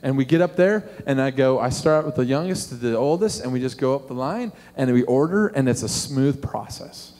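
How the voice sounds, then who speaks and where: A middle-aged man, a pastor preaching a sermon and telling animated stories with questions to the congregation. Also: medium pitch, normal speed, hardly any pauses. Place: church sanctuary. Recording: long hall reverb.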